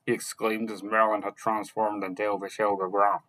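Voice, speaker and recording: Guy reading a fantasy novel out loud, kinda low voice, bright and dry sounding, stops and fixes words as he goes. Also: level tone, no echo, rough recording. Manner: slow, halting reading with self-corrections. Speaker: audiobook narrator. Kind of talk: scripted narration reading a novel.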